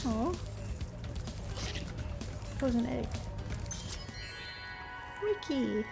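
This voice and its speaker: Girl streamer chatting and laughing thru a game, kinda high voice, music playing. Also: sing-song, extremely slow, creaky. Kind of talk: casual gameplay commentary.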